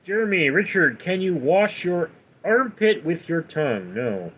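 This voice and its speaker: A man's voice: a little high, sing-song, a little slow, a bit bright, husky. A man hosting a casual livestream who reads viewers' chat questions aloud and answers them. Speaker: livestream host.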